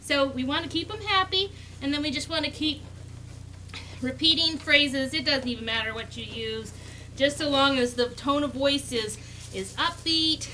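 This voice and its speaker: A woman breeder explaining outdoors in run-on sentences, often slipping into high sing-song puppy talk. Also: normal speed, bright, forceful tone, slight background noise, poor audio. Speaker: dog breeder. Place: outdoors on a cold sunny morning.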